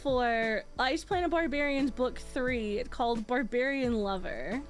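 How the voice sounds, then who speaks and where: A woman's voice: a little high, unhurried, faint music behind. A woman streamer chatting casually with her viewers, swearing freely and laughing often.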